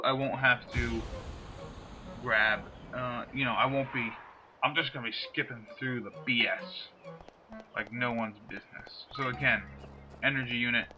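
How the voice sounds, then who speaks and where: A man's voice: medium pitch, bright, forceful tone, poor audio. Chatty man rambling over gameplay. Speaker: let's play host. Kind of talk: casual gameplay commentary.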